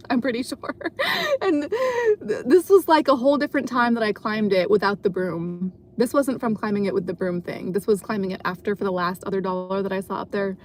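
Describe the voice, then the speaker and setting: A woman live streamer tells a story during a casual chat from her car while driving at night, rambling with plenty of fillers and restarts. Her mid-range voice is animated and moderately paced, with slight background noise.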